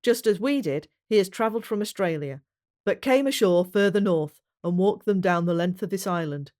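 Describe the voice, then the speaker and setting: A woman voicing a cheeky pioneer horse dealer, bargaining briskly in a storybook reading. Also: high-pitched, a little mellow, lightly acted.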